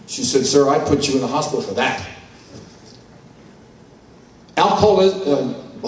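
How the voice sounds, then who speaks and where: An older man from New York giving a candid, blunt personal testimony at a conference, telling his story with salty language. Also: on the high side. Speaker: conference speaker. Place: large conference hall. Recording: echoey hall, mic from far off.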